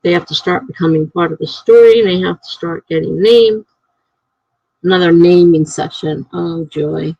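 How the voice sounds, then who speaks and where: Gravelly rambling woman streamer. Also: lowish voice, normal speed, dry recording. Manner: rambling, thinks out loud. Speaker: writer live-streaming. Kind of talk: casual live-stream chat. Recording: dry, slightly dull lo-fi mic.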